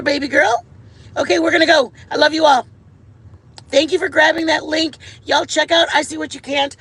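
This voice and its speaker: A man's voice: extremely high pitch, fairly bright tone. A man hosting a casual livestream on wireless earbuds, gushing and affectionate, swearing playfully at his viewers. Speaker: livestream host.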